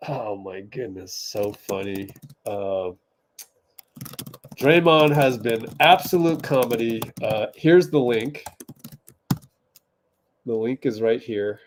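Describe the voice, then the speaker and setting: A man's voice: medium pitch, animated, takes it slowly, pauses often, slight background noise. A man hosting a casual livestream watch party, chatting with viewers, laughing often and typing as he talks. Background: keyboard typing.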